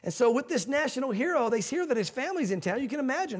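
A middle-aged man preaching a sermon as a pastor, talking in a relaxed, folksy way. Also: extremely high pitch, fast, hardly any pauses. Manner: conversational, folksy preaching with quoted voices.

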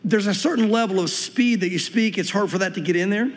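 A man with a light Southern US accent preaches in a high, bright voice, talking fast and acting out the voices he quotes. His words ring out with a long echo, as if spoken in a large church hall. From Tennessee, US. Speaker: pastor. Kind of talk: sermon.

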